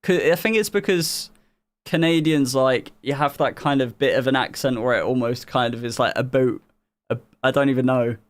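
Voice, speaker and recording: Smooth-voiced English man chatting on stream. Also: medium pitch, normal speed. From England. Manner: rambling, laughs often, many fillers. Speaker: music stream host. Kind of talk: casual live-stream chat.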